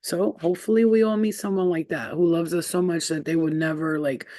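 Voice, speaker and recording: A woman's voice: on the low side, steady tone, brisk, mellow, no echo. A woman doing a casual spiritual energy reading for her viewers, chatty and affirming, with lots of "like" and "you know.". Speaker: energy reader.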